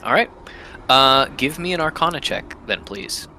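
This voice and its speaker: A man's voice: medium pitch, animated, moderate pace, bright, forceful tone, a little hiss or hum. A man narrating as game master of a tabletop game, hesitant and full of ums and restarts.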